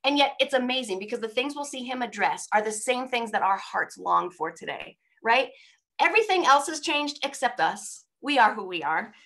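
A woman's voice: fairly high pitch, animated, moderate pace, a bit bright. A middle-aged woman giving a conversational sermon at a women's church event over a video call, informal, with frequent rhetorical asides. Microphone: speaking on a video call.

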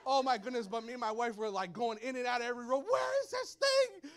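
Dude preaching in church, real high voice, animated, acts out the stories. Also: male voice, rapid-fire, a faint crowd. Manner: animated storytelling, acts out shouts and quotes. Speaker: pastor. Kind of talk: sermon. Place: church hall before a congregation.

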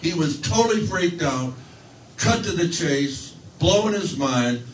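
A man's voice: on the high side, animated, measured pace, echoey room, recorded from a distance, slight background noise, rough recording. A man preaching a sermon, telling a story in a conversational way with restarts and fillers, acting out quoted voices. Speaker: pastor.

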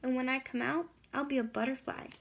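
A woman's voice: sits high, fairly even intonation, a little fast, gravelly, breathy edge, heavily acted. A woman voicing a proud, boastful female caterpillar in a read-aloud picture book, with a bragging, self-important manner. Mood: matter-of-fact.

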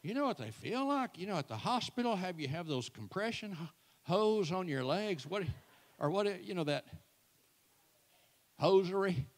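A man's voice: sits high, sing-song, normal speed, long pauses. A man, telling folksy, self-mocking comic stories at a church event. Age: 60s. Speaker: church speaker. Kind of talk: comic storytelling to a live audience.

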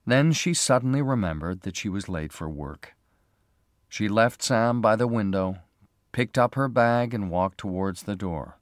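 Male narrator, slow graded-reader storytelling, dry close mic. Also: on the low side, lively intonation, dry recording. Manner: slow, careful, clearly spoken. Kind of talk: scripted storybook narration for learners.

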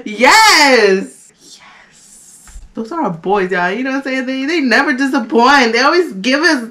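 A woman's voice: high-pitched, animated, a little fast, a bit bright. A young woman hosting a fan reaction video, gushing and squealing, slipping in Spanish phrases. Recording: music playing behind her voice.

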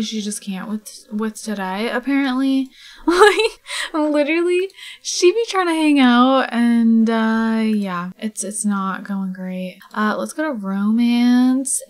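A young woman hosting a casual let's play, chatting and reacting out loud as she plays, sometimes dropping into a whisper. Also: on the high side. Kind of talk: casual gameplay commentary.

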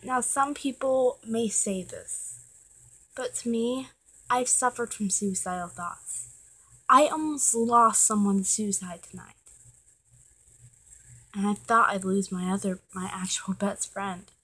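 A woman's voice: medium pitch, takes it slowly, pauses often, fairly bright tone, slightly rough, rough recording. A teenage girl giving an earnest, emotional pep talk to her viewers, swearing when she gets worked up. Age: teens. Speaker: vlogger.

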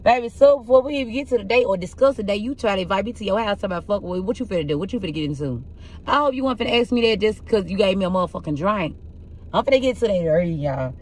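A young woman with a rough, husky voice, doing a casual tarot reading and telling blunt, profane stories in an animated way. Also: mid-range voice, rapid-fire. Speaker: tarot reader.

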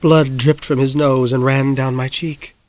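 A man narrating a novel as an audiobook in measured, grave storytelling, dropping soft at the darkest moments. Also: mid-range voice, flat delivery.

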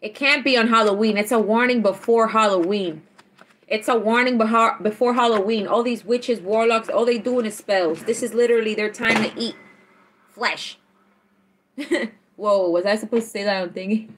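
On a tarot stream, a woman speaking at a moderate pace in a higher-leaning voice keeps things casual and playful. She's lively and teasing, frequently laughing as she reads the chat aloud.

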